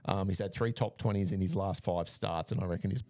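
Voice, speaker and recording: Gravelly low-voiced man. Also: fairly quick, no room sound, studio quality. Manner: relaxed, rattles through names and odds with fillers. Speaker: podcast co-host giving betting picks. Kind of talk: casual podcast chat.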